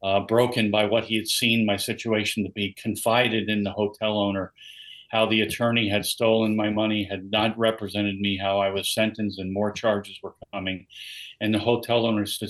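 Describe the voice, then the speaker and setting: Low, flat-voiced older man telling his story. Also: normal speed, poor audio. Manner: earnest storytelling, quoting others. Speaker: guest. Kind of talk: personal testimony in a podcast interview.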